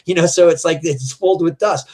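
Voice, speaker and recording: A middle-aged man who runs a martial arts school, telling business stories in a lively way and acting out the dialogue. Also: fairly high pitch, fairly quick. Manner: animated, acts out quoted dialogue. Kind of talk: storytelling in a business chat.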